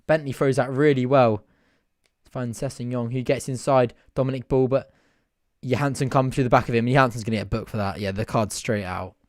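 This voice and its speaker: A man hosting a live football watch-along, mixing casual match commentary with chatty, excitable asides and frequent laughs. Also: medium pitch, a little fast. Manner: chatty and excitable, laughs often, thanks viewers mid-commentary.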